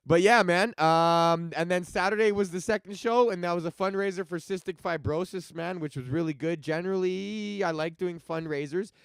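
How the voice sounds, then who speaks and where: A man with a fairly high voice hosts his own comedy podcast and rants casually with plenty of swearing. His voice is smooth and resonant and sounds close to the mic in a dry, dead room. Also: normal speed, dry recording. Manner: profane, animated storytelling with acted-out quotes. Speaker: podcast host and stand-up comedian.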